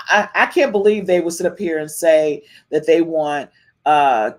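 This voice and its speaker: A woman hosting a live-stream podcast in casual chat, animated and sassy, repeating herself often. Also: low voice. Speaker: podcast host.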